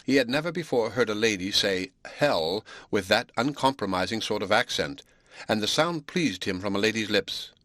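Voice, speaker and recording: Low-voiced man reading a classic novel. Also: lively intonation, fairly quick, a bit bright, no room sound, studio quality. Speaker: audiobook narrator. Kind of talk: scripted narration of a classic novel.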